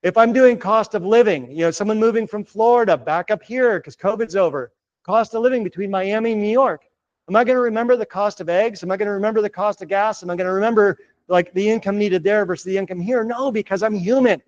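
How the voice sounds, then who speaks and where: A man's voice: high-pitched, fast talker, muffled recording. A middle-aged man coaching a live audience on real estate marketing, upbeat and chatty, often checking in with "right?". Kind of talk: live presentation to a room. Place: office meeting room.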